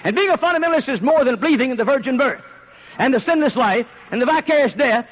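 A man preaching a sermon in an emphatic, repetitive way that rises to shouts, on a dull lo-fi recording. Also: very high-pitched, lively intonation, quick pace, slight background noise.

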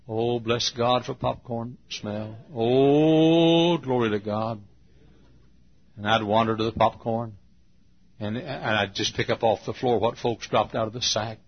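Folksy male preacher, storytelling sermon, husky voice, lo-fi sound. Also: fairly low pitch. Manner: folksy, swings from hushed to loud.

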